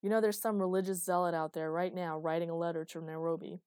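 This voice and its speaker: A man's voice: fairly high pitch, level tone, fast, a little mellow, clear, resonant tone, dry recording, natural voice. A woman reading the lines of an agitated male official in an audiobook, in a dry recording. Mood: exasperated. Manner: agitated, exasperated. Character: tense, irritated male government official.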